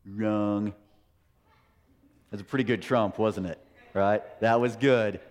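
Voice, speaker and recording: A man's voice: fairly low pitch, moderate pace. Preaching man in an echoing hall. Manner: peppers points with "right?" and rhetorical questions. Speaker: pastor. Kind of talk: sermon. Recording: long hall reverb.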